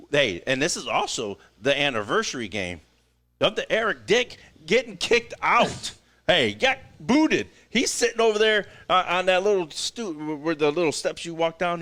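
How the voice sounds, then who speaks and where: Lively, excitable podcast man. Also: a little high. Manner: excitable, hype, whoops and laughs. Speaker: podcast co-host. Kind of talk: casual sports banter.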